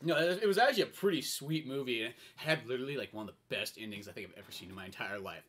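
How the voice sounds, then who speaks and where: A young podcast co-host tells a movie plot in an excitable, rambling rush, full of fillers. His voice is bright and his pitch swings widely. He talks at a racing clip. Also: very fast, breathy edge. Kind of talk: casual chat, retelling a film plot.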